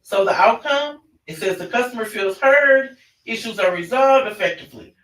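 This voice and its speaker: A man's voice: very high voice, lively intonation, normal speed, fairly bright tone. A man presenting an online parenting class in a conversational way, often restarting his sentences. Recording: roomy, distant mic.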